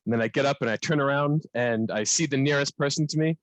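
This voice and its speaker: A man playing a tabletop game, describing his moves in a halting way. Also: medium pitch, no echo. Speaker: player. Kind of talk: tabletop role-play chat.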